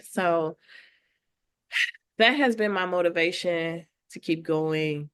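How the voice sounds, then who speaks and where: A woman guest on a podcast, an artist and educator, talking in a heartfelt, animated way and laughing often. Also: fairly low pitch, slow pace, long pauses, clean tone. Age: adult with children. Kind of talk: casual conversational interview.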